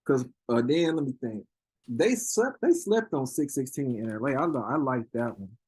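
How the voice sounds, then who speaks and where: Animated husky man telling stories. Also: normal speed. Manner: animated storyteller, acts out quotes in high voices, laughs a lot. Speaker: interview guest, rapper. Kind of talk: casual chat.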